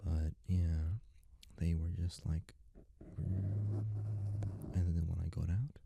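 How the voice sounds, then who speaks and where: A young man rambling in a soft-spoken ASMR style, close to the mic, filling his talk with "like". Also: sits low, steady tone, very slow, vocal fry, heavy background noise. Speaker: ASMR creator.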